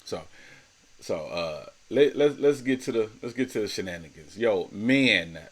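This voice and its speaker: Slangy guy in his 30s doing a solo podcast, kinda low voice, stumbles over words, laughs a lot. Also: lively intonation, a little slow. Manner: slangy and laid-back, stumbles and repeats words, laughs often. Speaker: podcast host. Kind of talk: casual solo podcast monologue.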